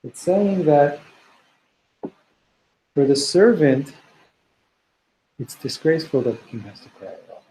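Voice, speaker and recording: A man's voice: a little high, sing-song, unhurried, long pauses, dark tone, slight background noise, poor audio. A man teaching a Torah class to students in a classroom. He reads Hebrew text aloud, explains it thoughtfully, and repeats words as he works through ideas.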